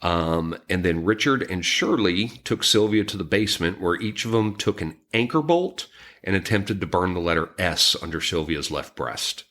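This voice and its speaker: A man co-hosting a podcast, recounting a true crime story in a somber, halting way, with frequent ums and restarts. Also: low voice, lively intonation, fairly bright tone. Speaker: podcast co-host.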